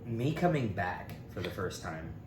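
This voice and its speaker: A man's voice: low-pitched, measured pace. Young male podcast co-host, rambling storyteller, distant echoey mic with hiss. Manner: rambling, animated, full of fillers and acted-out quotes. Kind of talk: casual storytelling chat.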